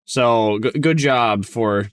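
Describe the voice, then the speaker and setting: A man's voice: mid-range voice, slow, fairly bright tone, clear, resonant tone. A man streaming a reaction to a video, talking casually in a mocking, rambling way full of restarts.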